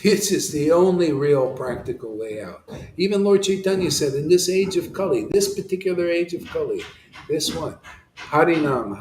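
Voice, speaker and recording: Man, somewhat high voice, informal devotional talk, rambling, impassioned, many restarts, echoey room. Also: lively intonation, moderate pace, darkish tone. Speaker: devotional speaker.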